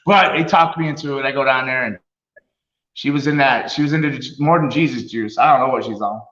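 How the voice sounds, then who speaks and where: Animated man telling wrestling stories, roomy sound. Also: mid-range voice, fairly quick, highs cut off. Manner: animated storyteller, laughs often, acts out quotes. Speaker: guest, retired wrestler. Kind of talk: casual storytelling interview.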